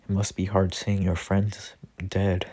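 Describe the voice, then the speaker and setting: A man's voice: deep voice, completely flat delivery, measured pace, warm tone, husky. Man doing a stammering scared boy. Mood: curious. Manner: stammering, nervous. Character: frightened young human boy.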